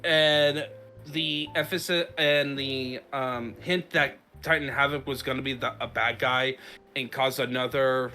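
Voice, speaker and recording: A man's voice: mid-range voice, fairly even intonation, a little slow, bright, forceful tone, faint music behind. A man in casual podcast chat, recapping a game story in a rambling way with frequent fillers and restarts. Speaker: podcast host.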